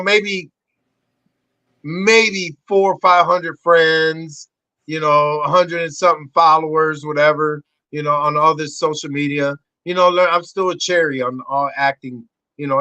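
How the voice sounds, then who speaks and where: Middle-aged guy on a podcast, high bright voice, swears a lot, leaps way up in pitch doing quotes, dry close mic. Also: no echo, rough recording. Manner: animated, profane, acts out quotes with big pitch jumps. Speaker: podcast guest, actor. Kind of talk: casual storytelling chat.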